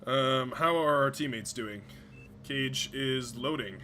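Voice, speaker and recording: Male streamer, bright and forceful tone, rambling casual delivery with restarts, faint music underneath. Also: mid-range voice, slow. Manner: rambling, stumbles over words, swears casually. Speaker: game streamer. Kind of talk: casual live-stream commentary.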